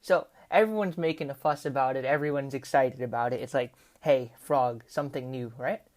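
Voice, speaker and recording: A woman's voice: a bass voice, moderate pace, very noisy. A woman telling a rambling, casual story over gameplay as a commentator, with lots of "like" and "right?". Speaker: gaming commentator.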